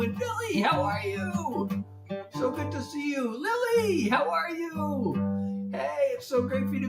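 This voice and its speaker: Recorded on a phone from a distance, a man with a very high voice runs his own music livestream as a singer-songwriter. In an echoey, ring-lit room at home, with his voice coming from off the mic, he chats casually, greets viewers by name and fumbles with his setup.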